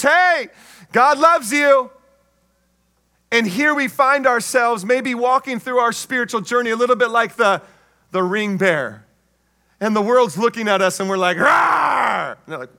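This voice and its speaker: A man preaching a sermon, telling a story in an animated way and acting out the voices. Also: very high-pitched. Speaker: pastor.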